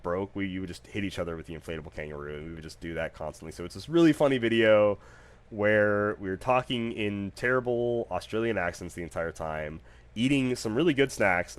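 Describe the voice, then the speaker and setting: A man with a low voice hosts a solo podcast. He rambles through stories in a casual, joking way, with frequent fillers and lively bursts of emphasis. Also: brisk. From United States. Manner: animated, jokey, rambling with fillers. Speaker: podcast host.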